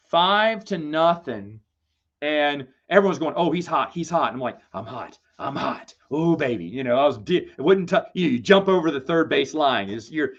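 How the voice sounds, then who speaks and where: A man's voice: on the high side, fairly bright tone. A man hosting a live Q&A stream, telling a long, rambling anecdote with self-deprecating humor. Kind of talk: casual storytelling on a livestream. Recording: slightly dull lo-fi stream audio.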